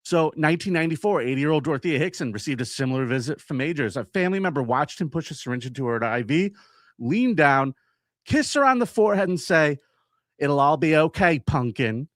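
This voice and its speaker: Male podcast co-host, animated true-crime teller, dry studio sound. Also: quick pace, no room sound. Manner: animated, acts out quotes with big jumps in pitch. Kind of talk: true-crime storytelling banter.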